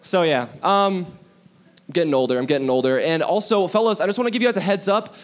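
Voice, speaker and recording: A young man doing a rambling, self-deprecating stand-up set on a bar stage, dropping low for asides. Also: fairly quick. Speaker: stand-up comedian.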